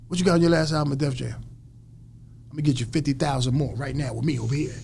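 A man as an interview guest, telling a story in a lively way and acting out other people's lines. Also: mid-range voice, fast, gravelly, slight background noise. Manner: animated storyteller acting out quotes.

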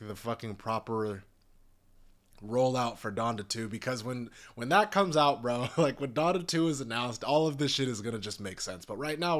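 A man's voice: medium pitch, fairly bright tone. A young man in a casual, profane, rambling rant, talking in an exasperated way. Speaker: commentator.

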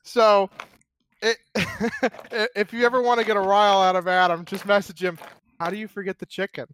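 A man telling a rambling, profane story in casual chat, animated and laughing. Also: high-pitched, normal speed, slight background noise.

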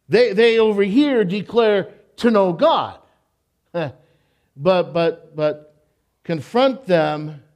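A man preaching to his church congregation in a fairly high voice, taking his time over each phrase. He preaches with animation, stumbling and repeating words as he goes, and breaks off for joking asides to the people in front of him. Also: a little mellow. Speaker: pastor. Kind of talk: sermon.

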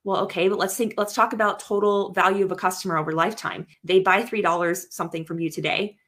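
A woman's voice: medium pitch, steady tone, quick pace, a bit bright. A woman co-hosting a podcast in casual chat, earnest and chatty, often acting out quotes from other people. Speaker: podcast co-host.

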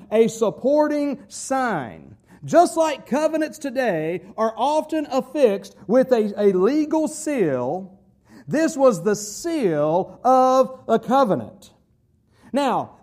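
A man's voice: extremely high pitch, darkish tone. A middle-aged man, a pastor, preaching a sermon in a conversational way, with asides and quoted voices.

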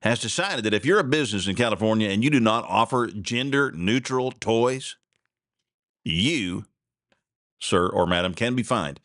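A man's voice: fairly low pitch, lively intonation, moderate pace, fairly bright tone, no room sound, studio quality. A man hosting a talk radio show, rambling through stories in a casual, folksy way with frequent chuckles and asides. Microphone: studio mic.

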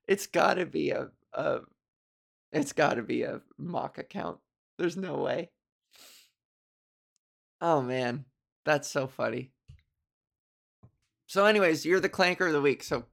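A woman's voice: low voice, creaky. A young woman hosting a solo podcast, chatting casually in a rambling, profane, self-mocking way and laughing often. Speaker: podcast host.

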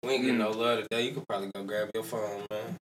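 A man's voice: on the low side, fairly even intonation, fast talker, distant mic, a crowd in the background. A man teasing his friends in laid-back slang during a casual podcast chat.

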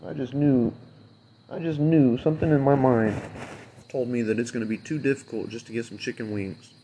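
Fed-up man, mid-pitch voice, sarcastic profane rant with faint background hiss. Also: normal speed, dark tone. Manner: fuming, sarcastic, heavy swearing, loose and rambling. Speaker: unhappy customer venting. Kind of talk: angry profane rant to camera.

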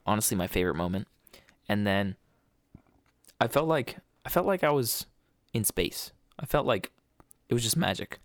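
A man's voice: lowish voice, animated, moderate pace, long pauses, no room sound, clean studio sound. A young adult man co-hosting a podcast in casual chat, enthusiastic and rambling, with plenty of slang. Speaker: podcast co-host.

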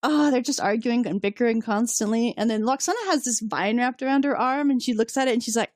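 A woman's voice: fairly high pitch, fast, few pauses, no room sound. A woman co-hosting a podcast, recapping an episode in casual chat, often giggling and acting out scenes. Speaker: podcast co-host.

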